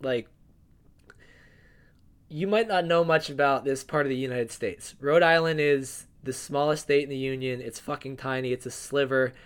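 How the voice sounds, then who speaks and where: A man from New Jersey co-hosting a podcast, joking in an animated, profane way. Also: medium pitch, moderate pace, clear, resonant tone. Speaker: podcast co-host. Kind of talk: casual chat.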